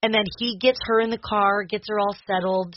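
A woman's voice: mid-range voice, fairly quick, background noise. A woman co-hosting a podcast, chatting casually and poking fun at herself, on slightly muffled audio. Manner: expressive, laughs often, self-mocking. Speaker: podcast co-host. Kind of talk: casual chat.

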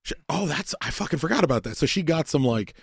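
A man's voice: fairly high pitch, fast, creaky, breathy edge, no room sound, clean studio sound. A man telling a rambling, profane story in casual chat, often quoting people in put-on voices. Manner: rambling storytelling, heavy swearing, animated quoted voices. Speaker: podcast host.

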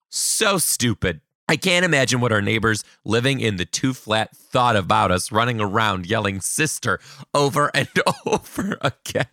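Animated sarcastic male podcast host. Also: normal speed, dry recording, studio quality. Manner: animated, sarcastic, jumps into high mocking voices. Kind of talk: comedic storytelling and reading listener emails.

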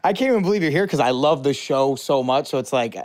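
A man hosting a podcast, eager and quick to laugh in casual chat. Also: mid-range voice, lively intonation, a little mellow. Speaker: podcast host.

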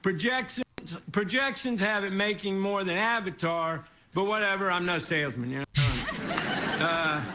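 High-voiced Texan man rambling through a monologue. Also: normal speed, pushed and bright. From Texas. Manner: rambling, self-mocking, chuckles through his punchlines. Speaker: guest host giving a comedy monologue. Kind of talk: stand-up monologue. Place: TV studio stage with a live audience. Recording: noisy broadcast clip with audience laughter.

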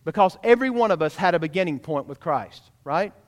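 A man's voice: a little high, expressive, a little fast, big-room sound. A man preaching a sermon as pastor, emphatic and direct, often asking the congregation questions. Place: church sanctuary.

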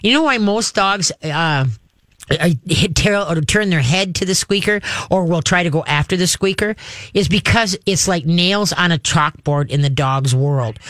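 A man hosting a call-in pet advice radio show, explaining with animated, playful delivery. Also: no echo, studio quality. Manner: animated, acts out high playful dog-calling voices.

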